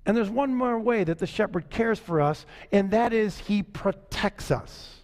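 A man preaching a sermon as pastor, in a conversational way that slows down to stress key lines. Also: high-pitched, lively intonation, darkish tone. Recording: long hall reverb.

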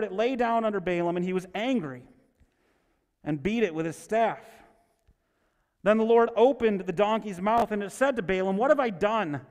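A man's voice: high-pitched, a little mellow. A male pastor preaching a sermon and reading scripture, talking in a conversational way that keeps checking in with listeners. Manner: conversational, asks listeners "right?". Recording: long hall reverb.

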